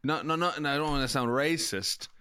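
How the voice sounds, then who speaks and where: A man's voice: fairly high pitch, brisk. An Irish man co-hosting a comedy podcast in a studio, dropping dry teasing one-liners. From Ireland. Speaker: podcast co-host. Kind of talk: casual comedic chat.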